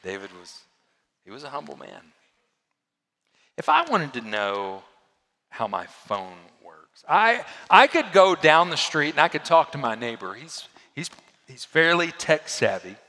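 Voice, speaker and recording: A man preaching a sermon as a pastor, swinging from loud emphasis down to hushed, quiet lows. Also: sing-song, unhurried, in a large hall.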